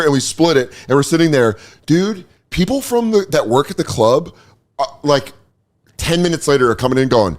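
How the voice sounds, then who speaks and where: A man in his thirties, a comedian trading stories in relaxed podcast talk. He keeps a middle-pitched voice and jumps into other people's voices for the quotes. He laughs his way through the story. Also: fairly quick. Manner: animated, acts out quotes, laughs mid-story. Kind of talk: casual storytelling chat.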